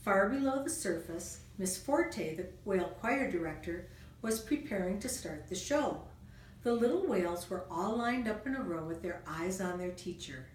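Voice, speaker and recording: A woman reading a children's storybook aloud, gentle and expressive, with a lively rise and fall in her mid-pitched voice. She sits some distance from the mic in a roomy space. A faint hiss runs underneath. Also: moderate pace.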